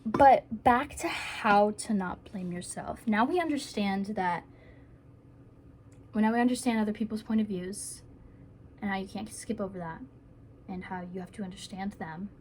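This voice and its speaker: A woman's voice: mid-range voice, normal speed, pauses often, a little hiss or hum. A woman giving earnest, rambling self-help advice to camera in a casual vlog, with playful asides.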